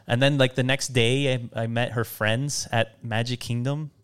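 A man's voice: mid-range voice, fairly even intonation, normal speed, a bit bright, clean tone. A man co-hosting a casual chat show, telling laid-back stories and laughing often. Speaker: podcast co-host.

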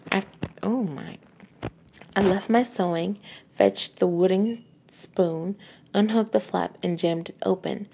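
Woman reader, slow gravelly delivery, husky tone, chatty asides between passages. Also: medium pitch, mellow, a little hiss or hum. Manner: chatty asides full of fillers. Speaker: podcast host reading a novel aloud. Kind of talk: book reading with casual commentary.

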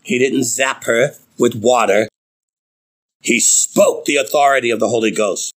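A man preaching a sermon, reading scripture with emphatic, dramatic delivery and big swings in pitch. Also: measured pace.

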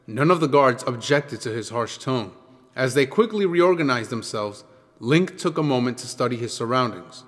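A man reading an audiobook in a measured, descriptive storytelling manner. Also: mid-range voice, animated, fairly bright tone. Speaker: audiobook narrator. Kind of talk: scripted audiobook narration. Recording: long reverb with background music.

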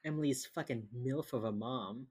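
A woman's voice: normal speed, breathy edge. A woman co-hosting a podcast, casually retelling a TV episode and filling her talk with "like". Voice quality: very low-pitched, relaxed storytelling with lots of "like". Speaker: podcast co-host recapping a TV episode. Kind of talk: casual chat.

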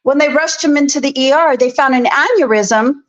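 High-voiced woman retelling events. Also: brisk. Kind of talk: casual chat.

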